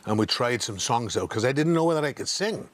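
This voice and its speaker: Older guy chatting on a tv sofa, stops and restarts a lot, mid-pitched voice. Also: animated. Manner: halting, with many restarts and fillers. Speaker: guest singer. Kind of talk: casual interview chat. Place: TV studio.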